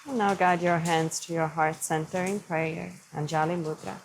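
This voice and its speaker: A young adult woman teaching yoga, guiding breathing in a slow, gentle, soothing way. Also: deep voice, fairly even intonation, slight background noise, rough recording. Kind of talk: guided yoga instruction.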